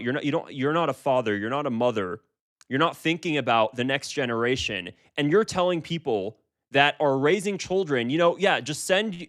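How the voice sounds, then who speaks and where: A man's voice: medium pitch, fairly bright tone. A man in his twenties giving casual political commentary, emphatic and repeating himself with frequent restarts. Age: 20s.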